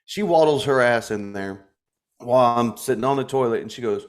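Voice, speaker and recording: A man co-hosting a podcast, joking around in a relaxed, casual way. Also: mid-range voice, moderate pace. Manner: laid-back, joking. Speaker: podcast co-host. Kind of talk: casual chat.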